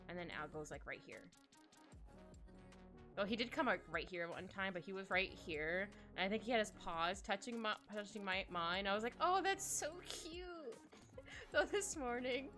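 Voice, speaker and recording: A woman livestreaming at home, chatting casually while she draws, rambling and giggling through her stories. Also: on the low side. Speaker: livestreaming artist. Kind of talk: casual chat while drawing. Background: soft background music.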